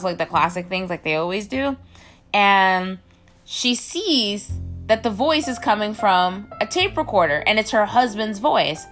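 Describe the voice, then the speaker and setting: Animated woman ranting about a film. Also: unhurried, soft background music. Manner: incredulous, rambling, heavy use of "like"; acts out characters' lines in squealing high voices. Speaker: film reviewer. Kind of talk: casual movie review rant.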